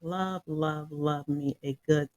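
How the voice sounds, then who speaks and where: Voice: mid-range voice, slow pace, no echo, studio quality. A music reviewer talking casually and at length, rambling with lots of fillers and laughing often while addressing viewers directly. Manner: rambling and animated, with many fillers and frequent laughs; talks straight to viewers. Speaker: song reviewer. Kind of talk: casual spoken song review.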